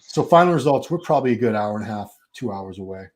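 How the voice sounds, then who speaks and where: A man's voice: on the low side, animated, fast talker, a little mellow. A man in his fifties hosting a live watch party stream, chatting casually, restarting his sentences and talking to the chat. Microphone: streaming setup.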